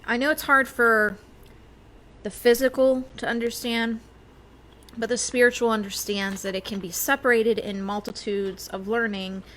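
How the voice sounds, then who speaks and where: A woman's voice: fairly high pitch, fairly even intonation, moderate pace, a bit bright. A woman hosting a casual spiritual livestream, talking loosely as a medium with lots of fillers. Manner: chatty, with many fillers and small laughs. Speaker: psychic medium host.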